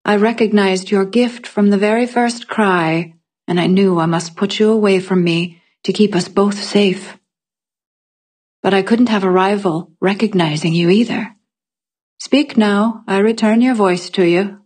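A woman's voice: unhurried, a little mellow, close to an everyday voice. A woman reading the part of a grizzled old woman tanner who speaks in a stern, grunting way. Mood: solemn. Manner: low grunting speech.

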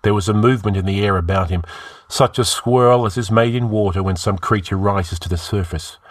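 A man reading fantasy fiction aloud, narrating with measured, dramatic pacing. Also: deep voice, no room sound, clean studio sound.

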